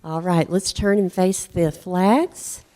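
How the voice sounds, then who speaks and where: A woman's voice: fairly low pitch, steady tone, takes it slowly, warm tone. A woman school administrator speaking at a board meeting, praising a teacher with frequent ums. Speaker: school administrator presenting awards. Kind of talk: public speech at a board meeting.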